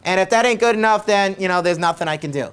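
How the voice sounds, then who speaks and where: A man's voice: sits high, fast, a bit bright, clear, resonant tone. A middle-aged man, a chiropractor, telling a patient story to camera in a conversational way and repeating his questions for emphasis. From United States.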